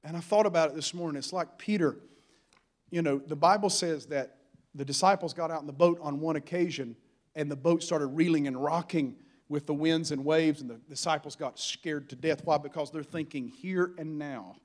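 A man's voice: on the high side, normal speed. A man preaching a sermon as a pastor, in a folksy, humorous style with building fervor.

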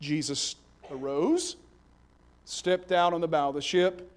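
A man preaching a sermon, swinging between hushed passages and loud emphatic ones. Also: a little high, takes it slowly, pauses often. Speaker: pastor.

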